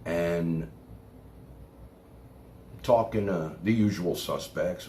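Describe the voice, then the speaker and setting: Brooklyn man ranting loudly on a livestream. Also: low voice, big pitch swings, normal speed. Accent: New York. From Brooklyn, New York. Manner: loud, swings from shouting to muttering, curses. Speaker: live streamer. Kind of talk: rambling livestream monologue. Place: home room, seated in chair. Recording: roomy echo, faint background noise.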